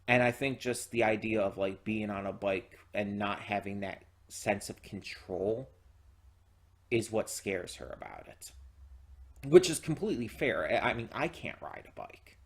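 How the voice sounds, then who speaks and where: This man runs a reaction channel, and his casual solo commentary is enthusiastic and packed with fillers, restarts, and swearing. He has a lowish, expressive voice with a breathy edge and an unhurried delivery.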